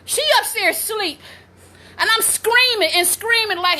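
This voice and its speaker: A woman in her forties vlogging at home, excitable and loud, laughing and cursing as she talks. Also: very high-pitched, measured pace. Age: 40s. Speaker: vlogger and mother. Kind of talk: casual vlog. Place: at home, indoors.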